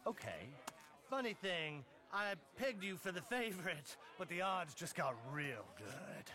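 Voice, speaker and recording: An actor playing a sly male bookie with a slow drawl in a video game. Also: high-pitched, sing-song. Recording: crowd noise behind.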